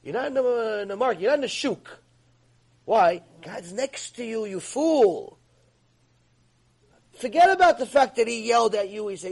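A man's voice: very high-pitched, big pitch swings, moderate pace, gravelly, a little mellow, husky, low-quality recording. A man teaching a religious ethics lecture in an emphatic, scolding way. He acts out the voices he quotes. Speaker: Torah teacher.

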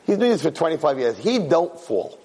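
A man giving a Torah class as a lively, emphatic storyteller who keeps jumping into character voices, in an echoey hall. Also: on the high side, fairly quick, a little hiss or hum. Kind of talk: animated Torah lecture with storytelling. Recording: echoey hall with long reverb.

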